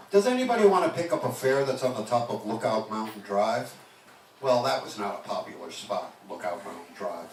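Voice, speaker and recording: A man reading aloud from his own new book at a live bookstore event, telling the story in a jokey, animated way. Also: medium pitch, a little hiss or hum. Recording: distant, echoey live reading.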